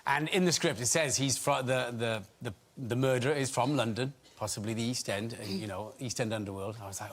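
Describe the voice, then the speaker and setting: A man's voice: mid-range voice, fairly quick, hardly any pauses. A man from Cardiff with a Welsh accent, a guest telling a self-mocking anecdote on a chat show. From Wales. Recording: noisy studio recording.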